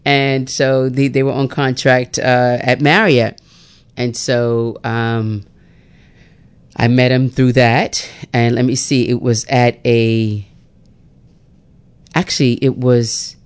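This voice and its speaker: A woman host telling a personal story in a casual chat, lively and laughing often, with many fillers. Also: extremely low pitch, measured pace, clean tone.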